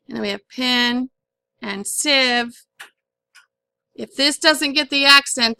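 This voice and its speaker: A woman's voice: high voice, sharp tone, no echo. A woman teaching a phonics lesson, patiently sounding out words syllable by syllable.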